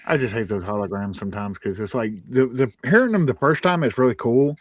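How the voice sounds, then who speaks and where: A man with a mid-pitched voice tells a gaming story in lively bursts, swearing when he gets worked up. The sound is dry and close. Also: fairly quick, no room sound. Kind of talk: casual gaming chat.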